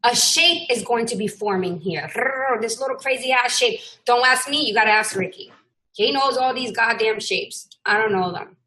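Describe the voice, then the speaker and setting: Brash woman instructor with a high, bright voice, casual blunt lesson delivery. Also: normal speed, poor audio. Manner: brash and blunt, swears freely; swings between loud bursts and muttering. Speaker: trading instructor. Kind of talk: casual screen-share lesson.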